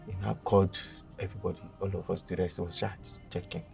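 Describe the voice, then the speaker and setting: A young Nigerian man tells a comic confession with a dramatic, animated storyteller's flair. His voice sits low with a gravelly edge. He is a little far from the mic, with music playing softly behind. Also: a little fast. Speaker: guest.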